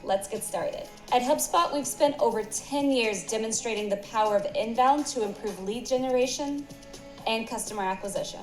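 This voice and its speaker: A woman's voice: fairly high pitch, moderate pace. Upbeat corporate narrator woman, echoey with music. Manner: polished, upbeat, instructional. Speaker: narrator of a corporate training video.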